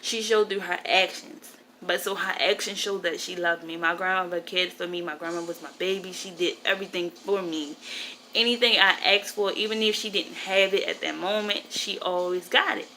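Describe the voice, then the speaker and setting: A woman's voice: lowish voice, steady tone, moderate pace, sharp tone, slight background noise, rough recording. A woman in her twenties, upset and grieving, telling a rambling personal story to camera and often correcting herself. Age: 20s. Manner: rambling, emotional, self-correcting. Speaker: vlogger.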